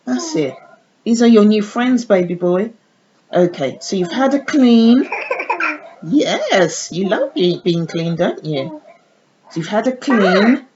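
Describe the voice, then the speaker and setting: A woman's voice: medium pitch, big pitch swings, takes it slowly. A woman chatting casually while unboxing a baby doll, often cooing to her dolls in sing-song baby talk. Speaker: doll collector vlogger. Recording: dull lo-fi audio with clear background noise.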